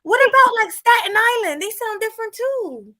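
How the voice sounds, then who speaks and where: A woman with a New Jersey accent chats casually in a high, very lively voice. She is expressive and slangy. Her tone is bright and sharp. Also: moderate pace, dry recording, studio quality. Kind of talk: casual chat.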